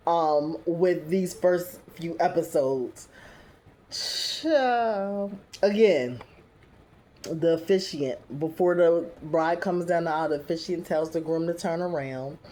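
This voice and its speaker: A woman's voice: lowish voice, warm tone. A young adult woman giving a casual recap review, chatty and full of fillers, with blunt, sassy asides.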